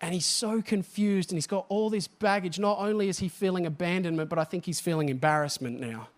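A man preaching a sermon, animated and often asking the congregation questions. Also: high-pitched, brisk.

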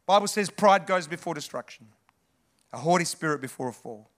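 A man preaching a sermon as a pastor, animated and conversational, with asides to the congregation. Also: on the high side, a little fast.

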